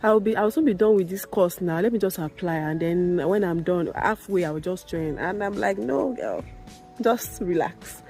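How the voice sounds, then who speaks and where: A woman's voice: normal speed, few pauses, darkish tone, soft background music. A young woman, a midwife, talking candidly to camera in a vlog, emphatic and repeating her points. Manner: emphatic, repeats phrases, rises in pitch when indignant. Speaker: midwife vlogger.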